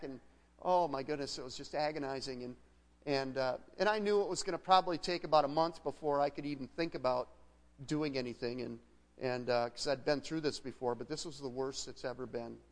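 A middle-aged guest pastor preaches a sermon framed as a conversational personal story, restarting his sentences often. His voice sits on the high side and moves briskly, and the recording carries a long hall reverb.

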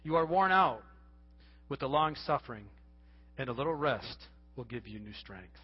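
A man voicing a kind, gentle brother in heaven, speaking softly and reassuringly. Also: mid-range voice, lively intonation, moderate pace, breathy edge, long reverb tail, dull audio.

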